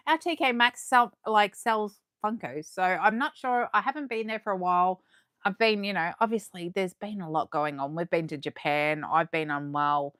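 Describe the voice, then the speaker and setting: A young adult Australian woman hosting a live unboxing, chatting warmly and gushing as she reads comments aloud. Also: mid-range voice, dry recording, clean studio sound. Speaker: livestream host.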